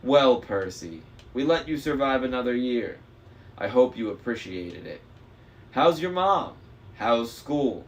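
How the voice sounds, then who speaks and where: A man voicing a smug young male traitor demigod, smooth, mocking and persuasive. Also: medium pitch, very animated, measured pace. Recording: faint noise, slightly distant mic.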